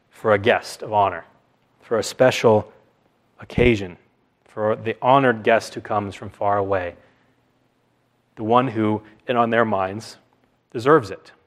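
Measured preacher man, deliberate. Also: medium pitch. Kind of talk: expository sermon.

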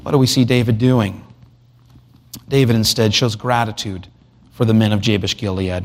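A man's voice: on the low side, fairly even intonation, moderate pace, pauses often. A man preaching an expository sermon, asking rhetorical questions and reading scripture aloud. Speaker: pastor.

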